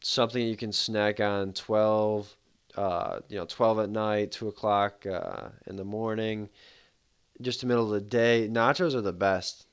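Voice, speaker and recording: A man's voice: fairly low pitch, fairly even intonation, a little slow, clean tone. A man streaming a game, chatting casually in a rambling, laid-back way full of fillers. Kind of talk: casual livestream commentary.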